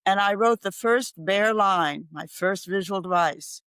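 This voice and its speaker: An older woman, a reflective podcast guest who now and then recites lines of poetry and laughs easily. Her voice sits at a middle pitch and is recorded dry and close, with no room sound. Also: unhurried, a bit bright, clean tone, no echo. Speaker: guest expert. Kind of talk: podcast interview. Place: home in Ireland.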